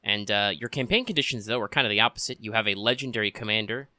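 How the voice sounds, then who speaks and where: A man's voice: lowish voice, fast, no echo. A man running a tabletop game as game master, casual and joking, with frequent fillers. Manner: relaxed and joking, with many fillers.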